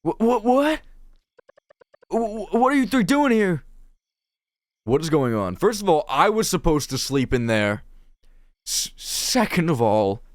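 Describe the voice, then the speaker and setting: A man's voice: on the high side, very animated, a little slow, pauses often, no room sound, studio quality, pitched above the performer's own voice. A man voicing a shy, flustered young village woman in a game, stammering as he goes.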